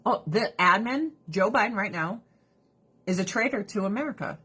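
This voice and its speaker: Husky, animated woman in a sarcastic rant. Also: medium pitch, moderate pace. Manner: profane and sarcastic; animated, drops into mocking voices. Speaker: vlogger. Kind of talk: casual rant during a skincare routine.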